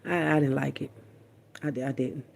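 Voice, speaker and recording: Gravelly husky-voiced woman vlogger. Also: rumbling low, fairly even intonation, moderate pace. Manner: blunt, profane, chatty, repeats herself. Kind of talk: candid casual storytelling to viewers.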